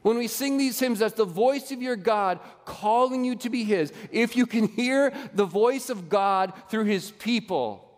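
A man preaches a sermon from the front of a church. His voice sits a little high and rings out with a long hall reverb. He keeps it conversational and animated, checking in with the congregation as he goes. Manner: lively, conversational preaching with audience participation. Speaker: pastor. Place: church sanctuary.

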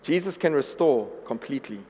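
A man's voice: mid-range voice, lively intonation, fairly quick, a little mellow. A man preaching a sermon to his congregation, earnest, often repeating words as he builds a point. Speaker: pastor. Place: church hall. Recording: long reverb of a large hall.

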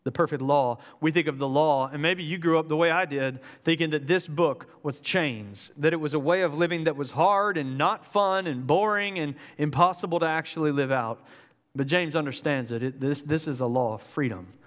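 A male pastor preaching with lively energy and casual humor. His voice sits a little high. The sound rings with the long reverb of a large hall. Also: moderate pace. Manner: energetic, joking, conversational preaching. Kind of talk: sermon.

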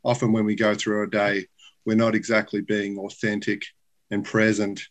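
A man chatting as a podcast guest over a video call. He talks in a reflective, philosophical way, easy and unhurried. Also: lowish voice, completely flat delivery. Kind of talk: casual conversation.

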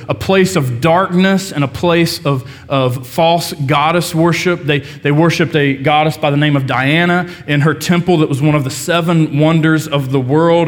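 A man preaching a sermon, telling a self-deprecating story before turning to scripture. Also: a little high. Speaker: pastor. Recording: long reverb of a large hall.

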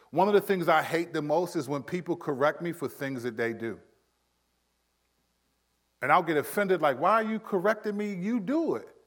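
A man in his thirties preaching a sermon in a conversational style, acting out quick quotes. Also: fairly high pitch, a bit bright. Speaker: pastor.

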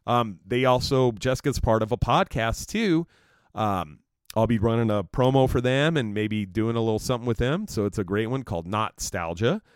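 A man's voice: mid-range voice, lively intonation, normal speed, clear, resonant tone, dry recording, studio quality. A man hosting his own podcast, telling a story in a rambling, casual way with lots of fillers and swearing. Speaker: podcast host.

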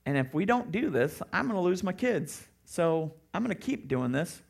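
A middle-aged man preaching a sermon as pastor, animated and lively, often breaking into loud mocking voices. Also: high voice, moderate pace, vocal fry, breathy edge.

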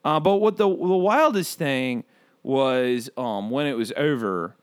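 A man playing a brash, excitable bird who hosts a comedy podcast, rambling through profane, pun-filled stories. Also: mid-range voice, unhurried, clear, resonant tone, no echo, natural voice. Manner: rambling, profane, punning, riffs on asides. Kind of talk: comedic character monologue.

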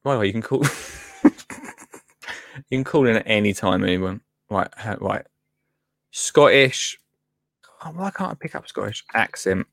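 A man's voice: fairly low pitch, animated, normal speed, creaky, long pauses, a bit bright, no room sound. A man presenting gardening tips on a live stream in a chatty, easily sidetracked way, laughing often. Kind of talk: casual live chat.

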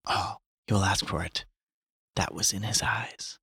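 A man's voice: on the low side, steady tone, a little slow, bright, forceful tone, husky, no room sound, exaggerated voice. A man reading aloud and voicing a grim, sardonic young man with dry, clipped lines.

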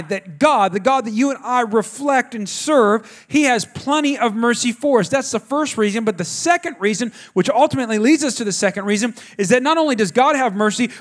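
This is a man in his thirties with a light, high-pitched voice, preaching a sermon. He talks in an easy, conversational way, mixing family stories with direct asides to the congregation. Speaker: pastor.

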